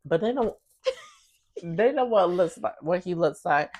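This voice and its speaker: A young woman hosting a casual podcast chat, brash and profane, flaring into loud bursts. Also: fairly low pitch, very animated, unhurried, breathy edge. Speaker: podcast host.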